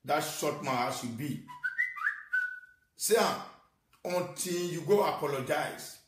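A man with a Nigerian accent giving a scolding, repetitive rant in Pidgin and English, swinging between shouting and muttering. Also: on the high side, slow, recorded from a distance, noisy background. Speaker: social media ranter. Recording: echoey room, voice off-mic.

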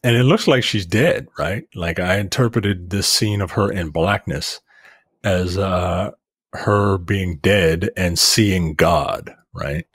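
Profane, animated male podcast co-host. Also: low voice, slow, husky, no room sound, clean studio sound. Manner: profane, animated retelling of scenes. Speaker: film review podcast co-host. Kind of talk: casual chat.

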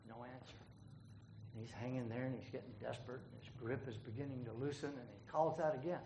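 A man moderating a leadership forum, telling a joke in a folksy way and introducing the next speaker, clearing his throat often. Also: mid-range voice, moderate pace, a little mellow. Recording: echoey room with faint noise.

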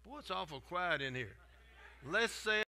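Folksy older preacher, bright voice. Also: male voice, sits high, expressive, a little slow. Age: 70s. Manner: folksy, conversational preaching with restarts and asides. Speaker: guest preacher. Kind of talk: sermon.

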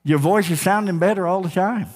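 High-voiced preaching pastor in a reverberant church. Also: male voice, fairly quick, darkish tone. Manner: emphatic preaching with call-and-response, repeated phrases. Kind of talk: sermon. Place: church sanctuary. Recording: long reverb of a church sanctuary.

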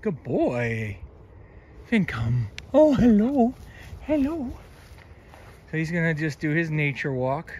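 A man's voice: fairly high pitch, expressive, a little slow, dull audio, slight background noise. A man hosting a dog vlog at home, chatting fondly and repeating commands to his dogs in the yard and house. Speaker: dog channel host. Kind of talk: casual vlog talk.

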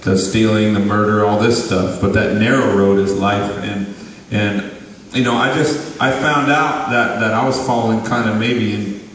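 A man's voice: fairly low pitch, fairly even intonation, measured pace, a bit bright, recorded from a distance, a little hiss or hum. A man giving a loose, rambling testimony in an interview, laughing often, recorded from afar in a large hall. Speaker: guest musician.

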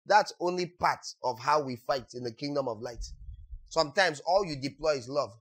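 A man preaching a sermon as pastor, acting out quotes and breaking into sudden shouts. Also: a little high, animated, normal speed, breathy edge.

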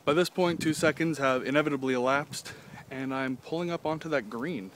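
A man's voice: mid-range voice, a little fast, very noisy. A young man, rambling and joking as he walks outdoors by a golf course pond, filming on his phone. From Canada. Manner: rambling, joking, swears casually. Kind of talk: casual walking vlog. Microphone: handheld phone.

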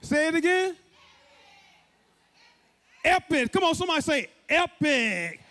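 A man's voice: very high voice, sing-song, measured pace, pushed and bright. A man hosting a church service, energetically leading the congregation in call-and-response and repeating prompts. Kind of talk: call-and-response crowd hype. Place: large church sanctuary. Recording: reverberant hall with faint music.

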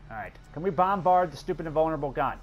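A man's voice: fairly high pitch, expressive, fast talker, faint music behind. A man commenting on his own strategy game play, exasperated and swearing, talking to the characters on screen. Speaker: gameplay commentator.

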